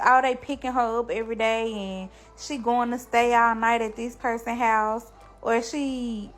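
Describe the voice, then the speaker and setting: Woman, emotional direct-to-camera talk, defensive and heated, pitched a bit high. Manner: impassioned, defensive, speaks to viewers as y'all. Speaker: mother telling her story.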